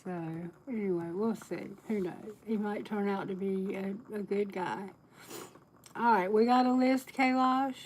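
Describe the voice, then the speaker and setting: A woman's voice: medium pitch, measured pace, a little mellow, a little hiss or hum, poor audio. A woman tarot reader chatting candidly on a live stream, telling personal stories and laughing often. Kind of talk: casual live-stream chat.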